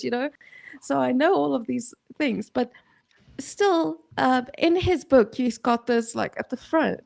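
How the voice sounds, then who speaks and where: A woman's voice: high-pitched, moderate pace, vocal fry, darkish tone. A woman co-hosting a casual video-call chat, talking in a chatty way with lots of asides. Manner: chatty, full of fillers and asides. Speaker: co-host.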